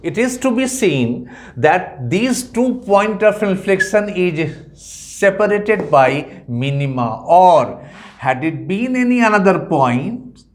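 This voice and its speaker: A man's voice: high voice, very animated, takes it slowly. A man gives a methodical maths lecture as an economics tutor, repeating each point. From India. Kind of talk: math lecture.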